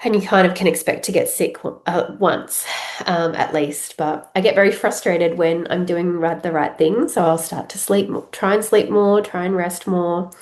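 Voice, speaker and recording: Australian woman host, blocked-up cold voice, lowish pitch, chatty and rambling, echoey room. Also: fairly even intonation, moderate pace, a little mellow. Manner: rambling, many fillers and restarts. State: congested with a head cold. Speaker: podcast host. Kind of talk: casual solo podcast chat.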